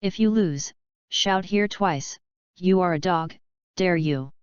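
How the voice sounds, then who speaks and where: An arrogant rich schoolboy with a short temper, challenging his rival with anger, read in a woman's low, smooth voice. The recording is dry and slightly muffled. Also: slow pace, no echo. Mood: angry. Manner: angry, challenging. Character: arrogant rich male student, hot-tempered.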